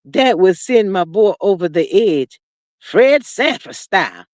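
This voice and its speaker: A woman's voice: medium pitch, sing-song, unhurried, darkish tone, no room sound. A woman hosting a livestream, reading chat comments aloud and acting out scenes in a drawling, exclamatory, theatrical way. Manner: theatrical, acts out scenes in first person. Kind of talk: casual gossip commentary.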